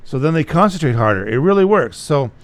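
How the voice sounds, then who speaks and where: A man's voice: fairly high pitch, sing-song, brisk. A man giving a casual guitar lesson, talking bluntly and repeating himself to drive a point home. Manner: blunt, repetitive, plain-spoken. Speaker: guitar teacher.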